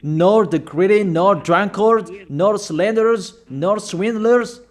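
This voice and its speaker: A man preaching a sermon, insistent and repeating phrases slowly for emphasis. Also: sits high.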